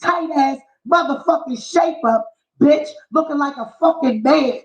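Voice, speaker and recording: A woman's voice: high-pitched, measured pace. A woman vlogger delivering a heated, mocking, profanity-filled commentary rant. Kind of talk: ranting commentary vlog. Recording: echoey, dull lo-fi room sound.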